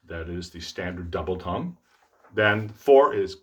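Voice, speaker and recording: A middle-aged man teaching trombone tonguing in a relaxed, self-deprecating way, speaking out the articulation syllables as he explains them. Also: fairly low pitch, normal speed. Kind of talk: instructional demonstration.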